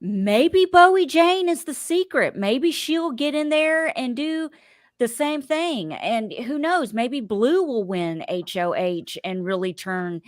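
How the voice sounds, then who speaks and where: A woman's voice: sits high, expressive, takes it slowly, no room sound, studio quality. A woman hosting a podcast in casual chat, rambling and chatty with many fillers. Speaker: podcast host.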